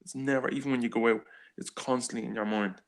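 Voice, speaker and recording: A man in his forties with a Dublin accent, chatting casually as a panelist on a live stream, talking in halting, rambling bursts with many restarts. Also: mid-range voice, fairly even intonation, creaky. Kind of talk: casual chat.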